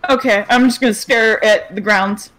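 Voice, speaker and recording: A woman's voice: a little high, fairly even intonation, moderate pace, a bit bright. A woman playing a tabletop game who reacts in a bubbly way. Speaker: player. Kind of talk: tabletop role-play chat.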